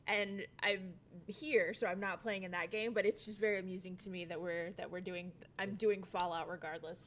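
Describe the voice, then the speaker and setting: A woman's voice: lowish voice, fairly even intonation, moderate pace, a bit bright, slight background noise. A woman playing in a tabletop role-play, chatty and amused. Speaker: player.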